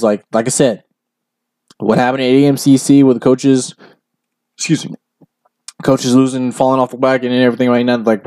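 A man hosting a casual commentary show, telling a story in a rambling, animated way with lots of filler words and acting out the people he quotes. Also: medium pitch, no echo, studio quality. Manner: acts out quoted people in raised voices. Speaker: podcast host.

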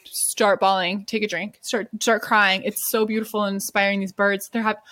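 A woman co-hosts a podcast in a casual chat, gushing and rambling with lots of fillers. Her medium-pitched voice is fairly bright, at normal speed with little pitch movement, recorded in studio quality with no room sound.

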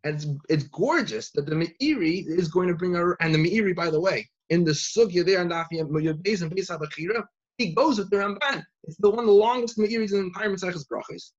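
Young guy teaching talmud, animated, jumps high then drops low, kinda dull lo-fi sound. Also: fairly quick. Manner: animated, uses Hebrew and Yiddish learning terms, many restarts. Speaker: Torah teacher. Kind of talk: yeshiva-style Talmud lecture.

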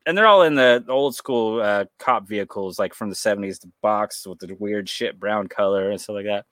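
A young man on a casual podcast, telling long winding stories full of curse words. He acts out the people in them as he goes. His voice is bright and tense, recorded dry and close with no room sound. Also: on the low side, normal speed, no echo. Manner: rambling storyteller, swears a lot, acts out quoted voices. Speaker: podcast co-host. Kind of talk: casual chat.

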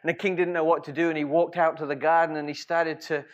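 A man preaching a sermon as a lively storyteller, with frequent laughs and rhetorical asides. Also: on the high side, fast talker, muffled recording. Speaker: pastor.

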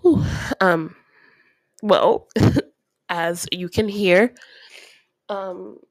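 A woman hosting a podcast, speaking softly and earnestly through tears, sniffling, with small nervous laughs and a heartfelt spoken prayer. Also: fairly low pitch, very slow, no room sound. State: tearful, sniffling. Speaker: podcast host.

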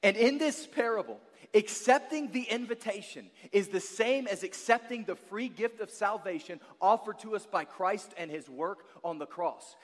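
Guest pastor, male, high voice, emphatic sermon delivery with loud peaks and hushed drops, big reverberant sanctuary. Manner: emphatic, building to loud peaks and dropping to quiet asides.

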